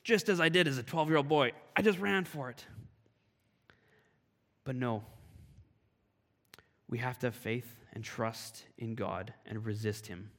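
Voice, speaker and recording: A man from Canada giving a sermon, telling a personal story in a lively, animated way. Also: mid-range voice, measured pace, long pauses. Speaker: pastor. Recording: long hall reverb.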